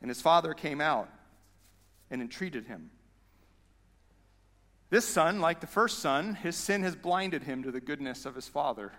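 A male pastor preaching a sermon in a conversational, animated way. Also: a little high, unhurried, long pauses, in a large hall.

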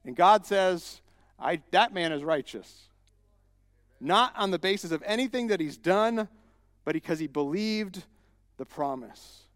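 A man preaching a sermon as a pastor, emphatic and rising to loud repeated declarations. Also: sits high, animated, unhurried, pauses often, clean studio sound. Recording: long hall reverb.

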